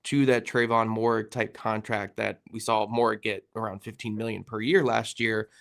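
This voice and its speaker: Gravelly congested man hosting a podcast. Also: fairly low pitch, little pitch movement, normal speed, fairly bright tone. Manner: gravelly, conversational with frequent fillers. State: nasal, congested from a cold. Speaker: podcast host. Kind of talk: casual sports podcast chat.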